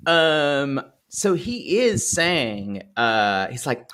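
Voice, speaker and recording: A man's voice: mid-range voice, big pitch swings, very slow, a bit bright, smooth. A man co-hosting a podcast, recapping a reality show in casual chat, snarky, laughing often and trailing off mid-sentence. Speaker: podcast co-host.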